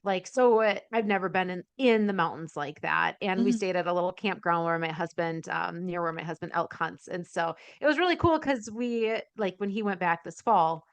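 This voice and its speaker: A woman's voice: fairly low pitch, normal speed, few pauses, smooth, no echo. A woman in her forties, a podcast guest, telling stories energetically with lots of "um" and "like". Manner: energetic storyteller, many fillers. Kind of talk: casual interview chat.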